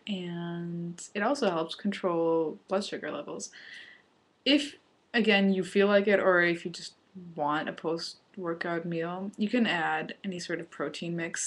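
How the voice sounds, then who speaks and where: A young woman chatting casually through a home recipe vlog, laughing often and sometimes talking with her mouth full. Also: on the low side. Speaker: vlogger.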